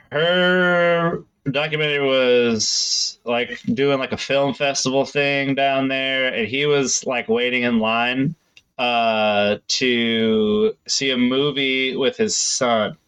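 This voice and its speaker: A young man tells a story in a loose, rambling way, with many "like"s. His voice is bright and forceful, with a smooth, clear tone. The talk is a casual podcast chat. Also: medium pitch, takes it slowly, lo-fi sound. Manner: rambling storyteller, heavy use of "like".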